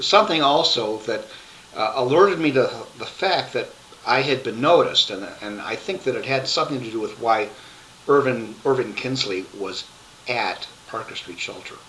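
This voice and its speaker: A man telling his life story to a webcam, rambling and halting with many restarts. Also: mid-range voice, pushed and bright, slight background noise, rough recording.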